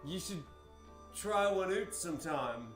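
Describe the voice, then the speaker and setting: A man voicing a gruff male fantasy dwarf from a game, in a put-on Scottish-Irish lilt with a halting, self-conscious read. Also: high voice, animated, roomy sound, soft background music. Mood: advising.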